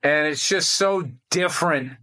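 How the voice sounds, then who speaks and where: A man's voice: fairly high pitch, measured pace, bright, forceful tone. A man guesting on a video call chat, rambling and reflective, with frequent swearing and restarts. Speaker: comedian guest. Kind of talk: casual chat.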